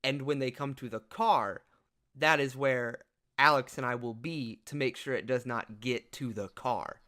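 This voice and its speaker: A man's voice: mid-range voice, a little slow, pushed and bright. A man playing a tabletop game in character, talking emphatically, swearing and laughing a lot.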